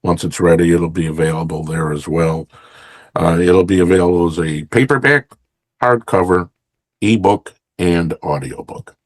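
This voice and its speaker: A man as an author guest in an interview, speaking haltingly with many fillers. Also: low-pitched, no echo. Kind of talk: interview conversation.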